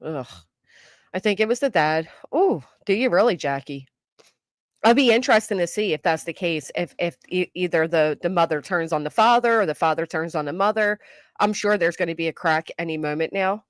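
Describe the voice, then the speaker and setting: A middle-aged woman hosting a live stream, chatting casually with viewers, greeting them by name, and talking fast and loud. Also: on the low side, lively intonation, dry recording, studio quality. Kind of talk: casual live chat, reading comments.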